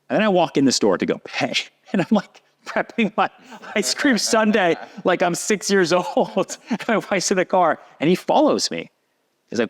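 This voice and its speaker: Animated man telling a story. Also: sits high, moderate pace. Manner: animated, acts out quoted voices. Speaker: podcast guest. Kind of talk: casual storytelling.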